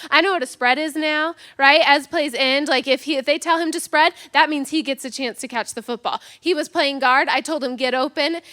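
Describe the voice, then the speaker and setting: A high-voiced woman pastor in her thirties giving a sermon. Her bright, forceful tone swings up and down as she acts out quotes and pokes fun at herself. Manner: animated storytelling with acted-out quotes, self-mocking humor. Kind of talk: sermon with personal story.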